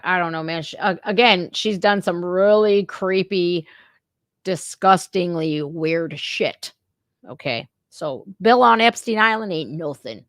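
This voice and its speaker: A woman's voice: low voice, fairly bright tone, dry recording. Woman, reaction host, blunt and profane, dry close sound. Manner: blunt and profane, talks straight to viewers. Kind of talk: casual reaction commentary.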